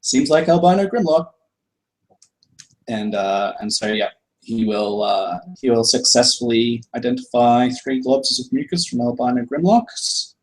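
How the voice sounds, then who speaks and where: A man narrating as game master in an unhurried way, with many fillers. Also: mid-range voice, steady tone, rough recording.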